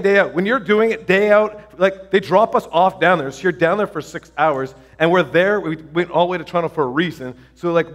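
Preaching with a slightly high voice, this pastor recounts stories eagerly, stumbling into frequent restarts and fillers.

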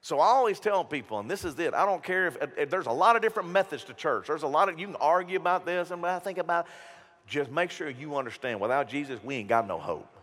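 A man's voice: lively intonation, fast talker, a bit bright. A male pastor preaching a sermon in a folksy, emphatic style, talking straight to his congregation. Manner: folksy, emphatic preaching with big swings in pitch and volume. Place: church sanctuary. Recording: long hall reverb.

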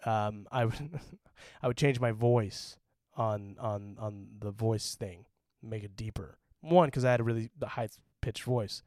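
A young man co-hosting a podcast in casual chat, animated and swearing, acting out stories in voices. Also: lowish voice, measured pace, dry recording, clean studio sound. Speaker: podcast co-host.

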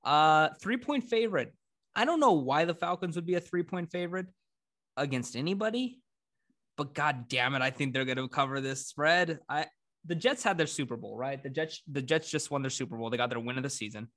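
A man hosting a casual sports chat, talking through his picks with friends, easily excited and quick to laugh. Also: on the high side. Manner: excitable, laughs, mock British accent briefly. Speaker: podcast host.

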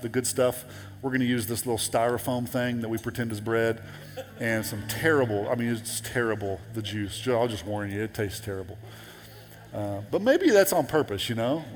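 A man's voice: medium pitch, big-room sound. A man preaching a sermon as pastor in a church, conversational and repetitive, now and then rising to emphatic peaks. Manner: conversational, repeats words and restarts, rises to emphatic peaks. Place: church sanctuary.

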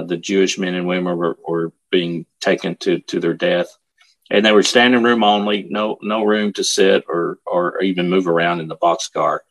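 A man earnestly telling a story, emphatic and halting, often repeating himself. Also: sits low, gravelly, breathy edge. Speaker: speaker telling his father's war story. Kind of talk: storytelling talk.

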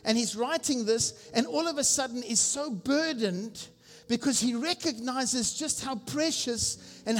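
A senior pastor preaching a sermon, exhorting the congregation and asking them questions. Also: male voice, extremely high pitch, a bit bright. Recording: long reverb with faint music.

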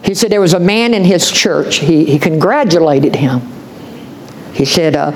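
A man's voice: fairly high pitch, normal speed, slight background noise, low-quality recording. A man preaching a sermon as pastor, impassioned, folksy and repetitive.

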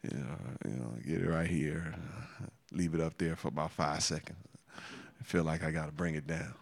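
A man's voice: rumbling low, steady tone, moderate pace, vocal fry. A man preaching a sermon, repeating phrases for emphasis and chuckling often.

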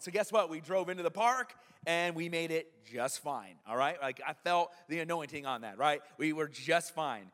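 A man's voice: fairly high pitch, expressive, normal speed, a bit bright. A male pastor preaching a sermon in a conversational way, often checking in with the congregation with "right?". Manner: conversational preaching, frequent "right?" tag questions. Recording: long hall reverb.

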